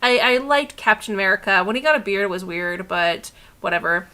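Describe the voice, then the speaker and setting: A young woman co-hosting an art livestream, ranting in a heated, profane, animated way and laughing often. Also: mid-range voice, brisk. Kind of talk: casual livestream rant.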